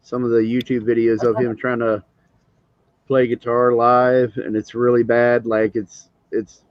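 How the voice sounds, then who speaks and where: A man's voice: mid-range voice, little pitch movement, dry recording. A man chatting casually on a livestream, explaining things emphatically and with jokes. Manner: emphatic, joking, drawn-out explanations. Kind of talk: casual chat. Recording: dull lo-fi dry audio.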